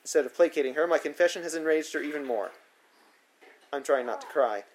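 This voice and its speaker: A man's voice: fairly high pitch, fairly quick. A man narrating his own memoir in the first person, with a dry, wry, matter-of-fact delivery.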